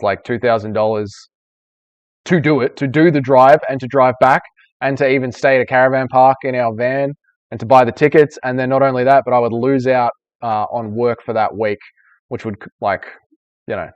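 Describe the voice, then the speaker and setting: A man's voice: mid-range voice, brisk, no room sound, highs cut off. A young man hosting a casual live-stream Q&A, chatty and rambling, swearing freely. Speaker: streamer host.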